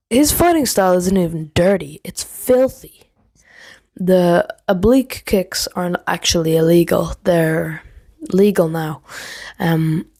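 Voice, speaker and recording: A woman with a fairly low voice talks slowly and casually, giving blunt opinions with frequent ums. She sounds close and dry, with no room echo. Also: darkish tone. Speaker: MMA commentary creator.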